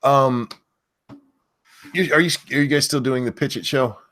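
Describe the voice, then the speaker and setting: A man hosting a casual livestream who loudly yells out viewers' names, then drops back into loose, swearing chatter. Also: medium pitch, normal speed. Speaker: livestream host.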